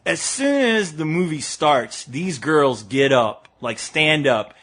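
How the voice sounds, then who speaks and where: A man's voice: fairly high pitch, animated, slow, a bit bright. A man who reviews movies, telling a story in casual podcast chat and laughing often as he talks.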